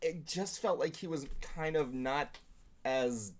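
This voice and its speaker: A man co-hosting a talk show, chatting casually in an animated, rambling way and swearing often. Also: on the high side, slow. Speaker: podcast co-host. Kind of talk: casual chat.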